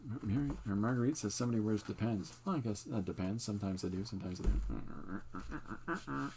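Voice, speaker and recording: An older man who hosts his own art channel, casually showing his pages in a relaxed, meandering, self-amused way. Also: fairly low pitch, fast talker, slight background noise. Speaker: artist and channel host. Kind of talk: casual show-and-tell livestream.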